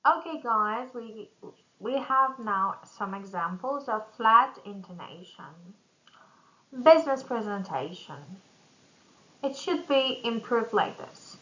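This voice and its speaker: A woman gives a business English pronunciation lesson, speaking slowly and reading each example sentence out with care. Her voice sits a little high and sounds bright. The recording is slightly dull and lo-fi. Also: animated. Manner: addresses viewers as "guys", reads model sentences aloud. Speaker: English teacher. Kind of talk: slow explanatory lesson.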